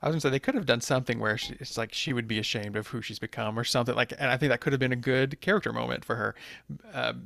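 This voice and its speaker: Fast, gravelly-voiced man musing. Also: medium pitch, fairly bright tone. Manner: halting, hedging, many fillers. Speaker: podcast co-host. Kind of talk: casual movie discussion.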